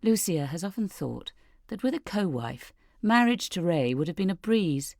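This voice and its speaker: A woman narrating an audiobook in a measured, deliberate way. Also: on the low side, sing-song, darkish tone, no echo, clean studio sound. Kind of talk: scripted narration.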